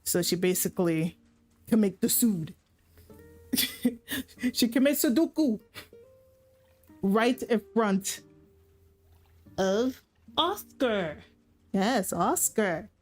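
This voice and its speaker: A woman's voice: mid-range voice, animated, very slow, pauses often, darkish tone. Rambling, profane woman streamer. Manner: rambling, profane, self-correcting. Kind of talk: casual story recap rant. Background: faint background music.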